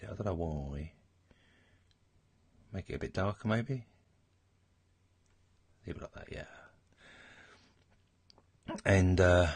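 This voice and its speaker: Man, husky voice, dry close sound, casual tutorial talk, thinking aloud. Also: low-pitched, no echo. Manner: relaxed, mutters and thinks aloud while working. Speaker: art tutorial host. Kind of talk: casual narrated drawing tutorial.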